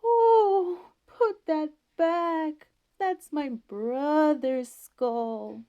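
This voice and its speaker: A woman's voice: high-pitched, warm tone, muffled recording, pitched above the performer's own voice, full character voice. Woman doing a wailing grumpy old ghost. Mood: moaning. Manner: wailing, hollering, drawn-out moans. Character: grumpy old male ghost locked in a tomb.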